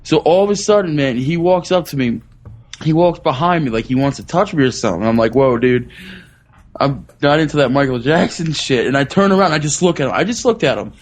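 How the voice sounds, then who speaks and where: A man's voice: fairly high pitch, animated, brisk. A man on a casual comedy podcast telling blunt stories, full of swearing. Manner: profane, blunt storyteller. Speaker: podcast guest.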